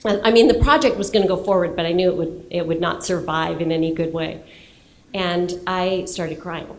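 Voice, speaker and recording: A woman's voice: fairly low pitch, normal speed. Candid woman laughing through a story. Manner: frank and self-mocking, laughing through her story. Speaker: filmmaker on a festival panel.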